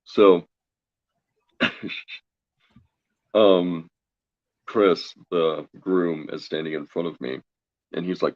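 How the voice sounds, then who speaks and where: A man's voice: low voice, slow, pauses often, dry recording, lo-fi sound. A man, a guest on an interview show, telling a story in a chatty way, laughing often and acting out what people said. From Colorado. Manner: chatty, laughs often, quotes himself and others. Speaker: guest, tarot reader.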